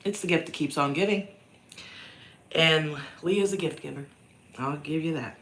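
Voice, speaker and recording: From downstairs at home, a woman hosts a casual livestream, answering viewer questions in a rambling, self-mocking way. Her voice is low-pitched and a bit bright at normal speed, and a cough keeps breaking into it.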